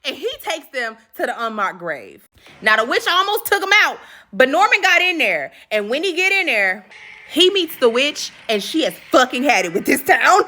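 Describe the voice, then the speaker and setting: A woman giving a casual movie recap commentary, animated and slangy, with profane jokes and laughing asides. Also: sits high.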